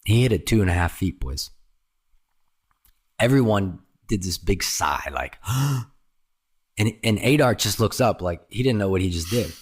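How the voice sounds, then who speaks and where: A man telling golf trip stories in casual chat, lively and swearing freely, often acting out the people he quotes. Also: low-pitched, normal speed, pauses often, breathy edge. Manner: animated, jumps into quoted voices, swears freely.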